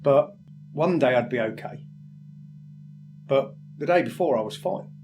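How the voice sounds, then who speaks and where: A man from England, a firefighter, speaking candidly and haltingly in an interview, sometimes acting out quoted exchanges. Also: mid-range voice, lively intonation, dull audio, soft background music. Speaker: firefighter guest. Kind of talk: reflective interview talk.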